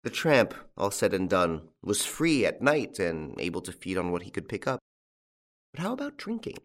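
A man doing a calm, composed gentleman. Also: low-pitched. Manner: calm, measured and quietly amused. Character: calm, amused gentleman near forty, composed.

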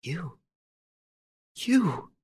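A man's voice: medium pitch, very animated, normal speed, husky, pitched above the performer's own voice. A man voicing a frightened young noblewoman and desperate mother, breathless and pleading, often whispering. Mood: stunned.

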